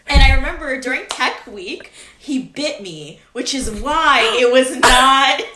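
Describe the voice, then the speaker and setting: A woman's voice: high voice, measured pace, echoey room, a little hiss or hum. A woman guest on a podcast, telling stories in casual chat and laughing as she talks. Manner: animated storyteller, laughs mid-sentence.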